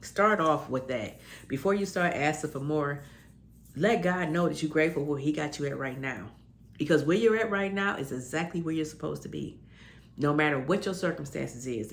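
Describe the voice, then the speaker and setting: Her voice is low-pitched and gravelly, moving at a moderate pace over a faint hiss or hum. A spiritual self-help podcaster, she tenderly encourages her listeners as honey and baby, so moved she tears up with joy.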